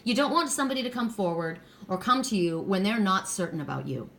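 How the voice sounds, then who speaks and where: A woman's voice: mid-range voice, expressive, fast talker, a bit bright. Blunt, emphatic middle-aged woman reading cards. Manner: blunt and emphatic, swears freely. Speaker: tarot card reader. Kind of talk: casual spoken card reading.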